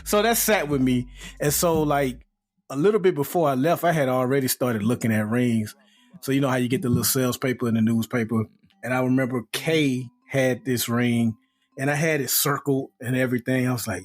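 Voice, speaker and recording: Brief: man, podcast co-host, lively storyteller who acts out voices, mid-pitch, faint music under him. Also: moderate pace, no room sound. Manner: animated storytelling, laughing, acting out friends' voices. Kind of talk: casual chat, storytelling.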